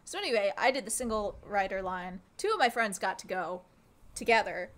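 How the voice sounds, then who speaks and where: A woman's voice: mid-range voice, lively intonation, brisk, fairly bright tone. A woman co-hosting a gaming video, telling a rambling story at home with lots of laughs and filler words. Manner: chatty storyteller, laughs often, trails off with ums. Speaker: co-host playing a video game. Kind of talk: casual gameplay chat.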